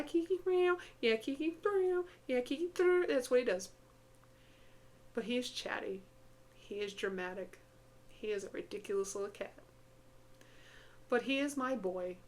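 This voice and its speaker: A woman's voice: medium pitch, a little hiss or hum. A woman chatting casually in a home vlog about her pets, chatty and affectionate, slipping into baby talk with her cat. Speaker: pet vlogger. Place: home, indoors.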